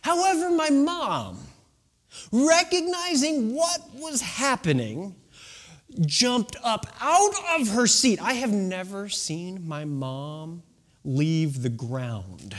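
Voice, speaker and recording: Man, 30s, pastor, sermon, high voice, unhurried, dramatic storytelling, hushed emphasis. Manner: animated storytelling, drawn-out dramatic phrasing, dropping to a hush for emphasis.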